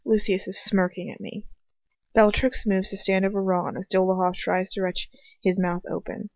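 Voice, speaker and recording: A woman's voice: medium pitch, little pitch movement, normal speed, darkish tone, no echo. A woman reading fan fiction aloud in first person, in an earnest way with occasional slips and restarts. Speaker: audiobook reader. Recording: dull lo-fi home recording.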